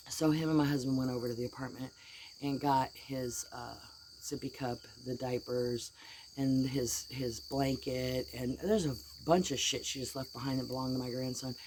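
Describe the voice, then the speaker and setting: A woman's voice: very deep voice, steady tone, normal speed, noisy background. A middle-aged woman with a drawl, venting to her viewers in a blunt, heated, folksy way. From United States. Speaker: vlogger. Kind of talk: casual venting vlog.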